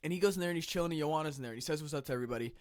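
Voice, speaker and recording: A man hosting casual reaction commentary. He talks conversationally with restarts and clears his throat now and then, a little phlegmy from the cold. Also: on the high side, racing, dry recording, clean studio sound. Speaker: commentary channel host.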